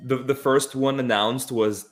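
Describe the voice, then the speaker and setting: A man co-hosting an informal podcast about films speaks at a measured pace in a steady, mid-range voice over soft background music. He sounds impassioned and emphatic and keeps restarting his sentences.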